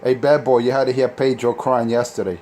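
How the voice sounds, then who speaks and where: A man's voice: mid-range voice, flat delivery, fairly quick, very noisy. A man on CB radio, taunting and insulting rival operators in a boastful, crude way. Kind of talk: trash talk over CB radio.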